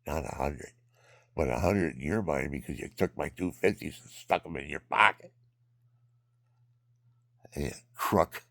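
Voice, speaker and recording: An older man telling a rambling personal story, often dropping into hushed whispers and repeating himself. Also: extremely low pitch, dry recording, studio quality. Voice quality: gravelly. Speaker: vlogger.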